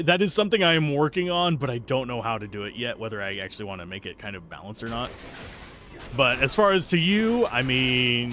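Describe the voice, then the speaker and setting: A man's voice: medium pitch, pushed and bright, a little hiss or hum. A man streaming gameplay live, chatting in a rambling, self-deprecating way while answering chat. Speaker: streamer playing a game live.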